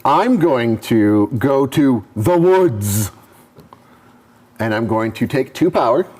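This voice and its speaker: Slow, deliberate man, lively pitch. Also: breathy edge. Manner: deliberate, thinks aloud over his moves. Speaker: co-host. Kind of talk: casual chat while playing a board game.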